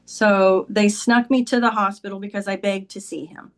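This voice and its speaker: A woman's voice: medium pitch, fairly even intonation, normal speed. A woman talking as a podcast guest, telling a personal story in a conversational way and often saying "like" and "he goes".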